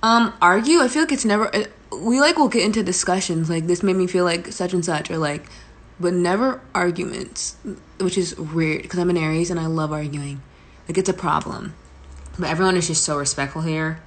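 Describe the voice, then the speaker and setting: A woman's voice: fairly low pitch, moderate pace, reverberant. A young woman, a girl group singer, chatting casually with viewers during a live stream from home, rambling with lots of "like" and "you know". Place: indoors at home, near a heater. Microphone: phone.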